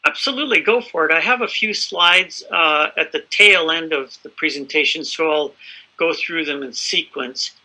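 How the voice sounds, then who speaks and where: Courteous male host, very bright tone, fairly high pitch. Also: moderate pace, rough recording. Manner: formal, courteous, hesitant fillers. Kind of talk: polite business presentation.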